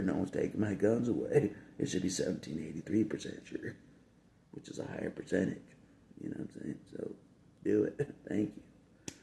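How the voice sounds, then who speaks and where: Chuckling between phrases, a video blogger with a deep, gravelly, warm voice chats to the camera in a loose, repetitive, wandering way. Faint hum and echo from the room sit behind him.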